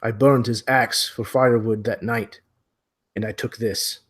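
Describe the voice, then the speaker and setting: A man's voice: medium pitch, fairly even intonation, unhurried, husky. A man playing a proud scarred orc warrior. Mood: boastful.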